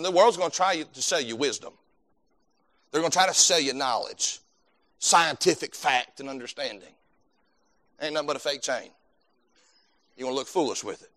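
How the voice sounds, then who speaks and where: Bright-voiced fervent male preacher. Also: on the high side. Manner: fervent, repeats words while building points. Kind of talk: sermon.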